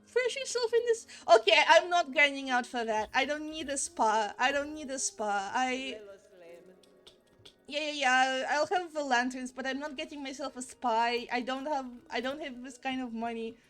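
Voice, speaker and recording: A woman live-streaming a video game, chatting casually, giggling, and blurting out exclamations. Her voice sits high, and faint music plays underneath. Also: moderate pace, fairly bright tone.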